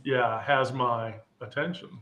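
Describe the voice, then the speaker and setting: A man in a casual group chat, candid and blunt, often laughing loudly. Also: mid-range voice, steady tone, slow pace, slight background noise.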